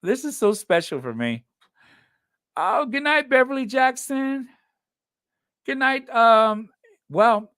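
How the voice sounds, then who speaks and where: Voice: mid-range voice, fairly bright tone, no room sound, studio quality. A live-stream host in casual chat, effusive and grateful, laughing often while thanking viewers. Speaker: livestream host reading viewer messages.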